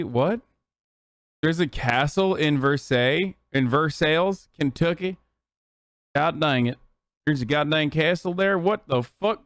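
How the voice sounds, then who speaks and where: A man in his thirties, loud and animated as he streams live, swearing freely while he reacts to clips and chat. His voice is smooth and fairly high, recorded close and dry with no room sound. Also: normal speed, no echo. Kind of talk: casual live-stream commentary.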